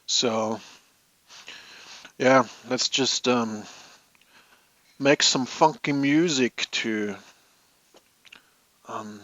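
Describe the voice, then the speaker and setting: With drawn-out words and long pauses, a man in his home office chats casually on a live hobby stream, rambling and laughing at his own stories in an amused way. His mid-range voice has a fairly bright tone. The recording is dry and muffled.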